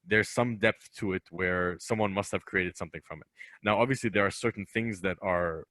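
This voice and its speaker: A man's voice: low voice, fairly quick, fairly bright tone, no room sound. A man from Lebanon, a comedian guest on a podcast, talking in an emphatic, opinionated way and repeating phrases for weight. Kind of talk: casual podcast chat.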